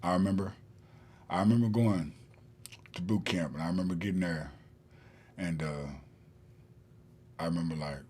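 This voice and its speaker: A man's voice: low voice, normal speed, long pauses, darkish tone, slight background noise. A man, a podcast guest telling a long story in a rambling way with many fillers and restarts. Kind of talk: casual storytelling in an interview.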